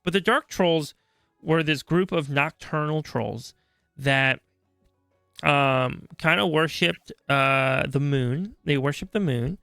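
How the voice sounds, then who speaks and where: A man's voice: fairly high pitch, slow, vocal fry, pushed and bright, clear, resonant tone, dry recording, studio quality, faint music behind. A man hosting a podcast, explaining game lore in a chatty, casual way and checking in often with "right?". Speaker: podcast host.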